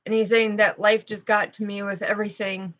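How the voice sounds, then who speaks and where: A woman's voice: mid-range voice, flat delivery, fairly bright tone, lo-fi sound. Tearful woman giving a channeling reading. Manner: halting, emotional, speaks slowly with pauses. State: tearful, sad voice. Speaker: intuitive tarot reader.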